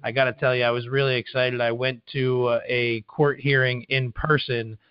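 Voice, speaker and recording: Steady, flat-voiced man attorney. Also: mid-range voice, moderate pace, clean tone, dull audio. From Pennsylvania. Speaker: attorney guest. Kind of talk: casual interview.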